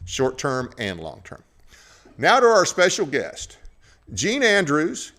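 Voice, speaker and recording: A man's voice: medium pitch, fairly bright tone. A man hosting a political talk show, giving opinionated commentary in a conversational way with frequent fillers. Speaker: podcast host.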